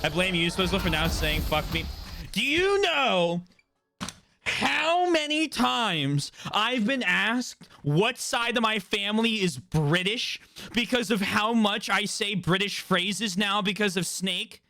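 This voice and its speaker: A man's voice: high-pitched, expressive, slow, vocal fry, sharp tone. A man chatting casually on a live game stream, joking, swearing and laughing often. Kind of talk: casual live-stream chat while gaming.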